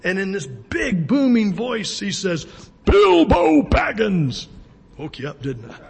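A man pastor preaching a sermon in a church, emphatic and slowing down to stress his key words. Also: sits high, very animated, slight background noise. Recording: long church reverb.

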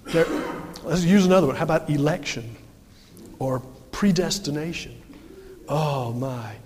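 A man's voice: on the high side, unhurried, darkish tone, big-room sound, a little hiss or hum. A male pastor preaching a sermon in a folksy way, firing rhetorical questions and answering them himself.

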